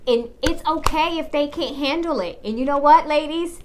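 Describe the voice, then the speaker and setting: A woman's voice: high voice, brisk, few pauses, background noise. A woman in her thirties giving casual dating advice straight to the viewer, blunt and full of swearing. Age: 30s.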